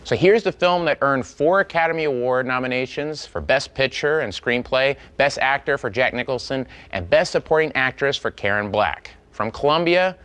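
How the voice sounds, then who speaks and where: A man hosting a classic film channel, giving a measured, formal scripted introduction. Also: mid-range voice, fairly bright tone.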